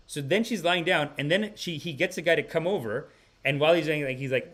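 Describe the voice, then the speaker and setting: A man hosting a comedy podcast, telling rambling casual stories with animated energy and frequent laughter. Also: a little high, brisk. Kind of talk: casual comic storytelling.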